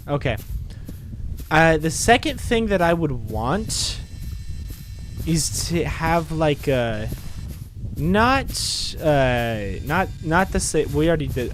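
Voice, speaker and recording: A man's voice: on the high side, noisy background. A man chatting casually on a game livestream, rambling and apologetic, sounding tired. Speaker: game streamer.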